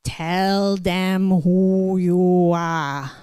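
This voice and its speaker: A woman's voice: lowish voice, fairly even intonation, very slow, dark tone, clean tone, no room sound, studio quality. A woman recalling a firm, patient father. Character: gentle firm middle-aged father, man.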